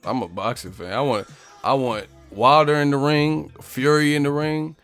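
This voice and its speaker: A man's voice: mid-range voice, steady tone, normal speed, fairly bright tone, clean tone, soft background music. A man hosting a boxing live stream, ranting casually and profanely with jokes. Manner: profane, laughing, joking. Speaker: boxing channel host.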